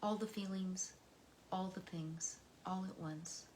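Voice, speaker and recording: An American woman reading poems aloud and talking between them in a soft, slow way, her voice often dropping to a whisper. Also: lowish voice, steady tone, slight background noise. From United States. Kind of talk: reflective poetry reading.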